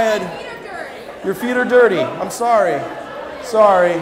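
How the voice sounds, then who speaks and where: A man's voice: high voice, animated, takes it slowly, long pauses, noisy background. A man working as a stage hypnotist, talking to volunteers in a playful, mock-flustered showman manner on a college stage. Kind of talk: live stage patter. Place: college stage before a live audience. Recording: echoey hall with loud crowd.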